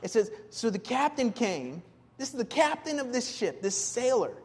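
A man preaching a sermon as a pastor, animated, acting out the people in the story and putting questions to his listeners. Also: very high voice, normal speed, big-room sound. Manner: animated, acts out quoted characters, asks the congregation questions.

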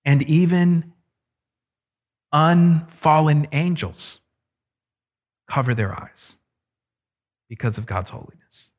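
A man preaching at an unhurried pace, with a voice pitched a bit higher than most men's. He rises to loud emphasis and sinks into hushed, low drops. He mixes casual asides into his teaching. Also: lively intonation, highs cut off. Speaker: pastor. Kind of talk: expository sermon.

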